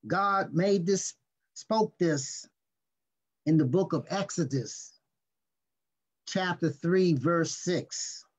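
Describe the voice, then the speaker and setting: Slow, high-voiced preaching man. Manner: slow, deliberate scripture reading with stressed words. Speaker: pastor. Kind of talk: sermon teaching. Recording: dull lo-fi recording.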